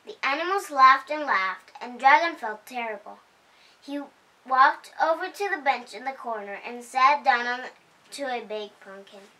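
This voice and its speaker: A woman reads a children's picture book aloud at a slow, careful pace. Her voice is high and bright. She sits a little back from the mic. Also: far from the mic, low-quality recording. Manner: slow, expressive reading with voiced character lines. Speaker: storyteller host.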